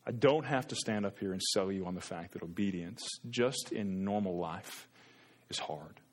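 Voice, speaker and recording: A man's voice: low voice, moderate pace. A man preaching a sermon as a pastor, earnest and conversational, often restarting his words. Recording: long reverb in a hall.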